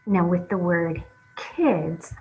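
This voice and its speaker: A woman's voice: lowish voice, slow, a little mellow, highs cut off, a little hiss or hum. A woman teaching a phonics lesson to young children, sounding out letters one at a time and praising the listener. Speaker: reading teacher.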